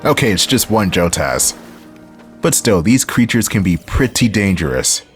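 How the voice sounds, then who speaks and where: A man's voice: fairly low pitch, very animated, moderate pace. A man with a Philadelphia accent giving casual, wry gameplay commentary as a let's-play host, joking to himself and swearing now and then. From Philadelphia area. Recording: voice over faint game music.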